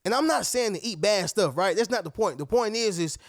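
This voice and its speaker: A man's voice: lively intonation, fairly quick, no room sound, clean studio sound. A man hosting a motivational video, talking emphatically to his viewers and often acting out what other people would say. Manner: emphatic, preachy, addresses viewers as "y'all" and "family"; acts out other people's lines in a higher voice. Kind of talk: motivational talk to camera.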